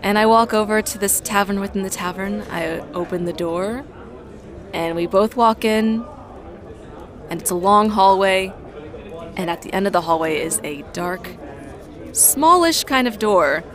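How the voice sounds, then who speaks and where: A woman narrating her own moves in an improvised role-play, in a brisk storytelling manner. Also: mid-range voice. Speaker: player narrating her actions.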